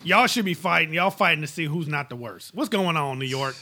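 A man's voice: fairly high pitch, animated, brisk, pushed and bright. Man mocking the team in casual banter. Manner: joking, mocking retellings, curses freely. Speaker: sports podcast co-host. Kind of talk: casual sports chat.

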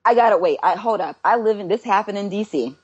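A woman's voice: medium pitch, expressive, fast talker, darkish tone, slightly rough, dull audio. A woman co-hosting a casual sports chat, opinionated and emphatic, firing off rhetorical questions. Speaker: podcast co-host.

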